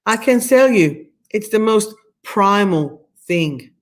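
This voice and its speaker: Guest-hosting a live-streamed session of guided meditation and oracle card reading, a middle-aged woman from Israel talks slowly in an animated, medium-pitched voice. Her delivery is soothing and affirming, with slightly phrasing.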